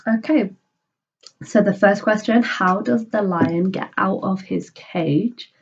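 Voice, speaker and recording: A woman's voice: medium pitch, slow pace, dull audio, a little hiss or hum. A woman teacher reading a children's book aloud and patiently explaining it in simple words.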